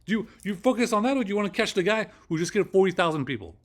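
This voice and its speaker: A man in his own casual vlog monologue, talking in a voice pitched a little above the usual. He rambles through many fillers and hammers points home by repeating them. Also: animated, rapid-fire. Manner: rambling, filler-heavy, repeats phrases for emphasis. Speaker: channel host.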